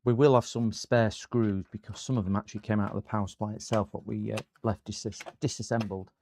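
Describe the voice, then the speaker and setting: A man's voice: fairly low pitch, steady tone, brisk, a little mellow, a little hiss or hum. A man chatting through a live computer repair stream from his workshop. He rambles and talks to his viewers as he works. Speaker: repair channel host.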